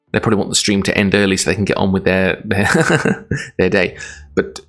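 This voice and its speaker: A man's voice: sits low, animated, normal speed, fairly bright tone, faint music behind. A Scottish man streaming live, reading a gamebook aloud in a chatty, self-deprecating way, laughing often.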